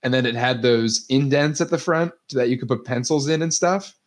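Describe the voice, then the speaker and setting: Relaxed young man telling a story. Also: mid-range voice, normal speed. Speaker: podcast co-host. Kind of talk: casual chat.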